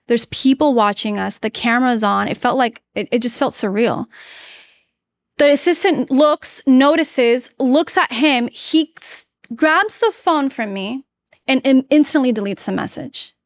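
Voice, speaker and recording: A woman with a fairly high voice tells an earnest personal story as a podcast guest. She halts often, restarting her sentences and filling the gaps with fillers. Her voice sounds dry and close to the mic. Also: expressive, unhurried, no room sound.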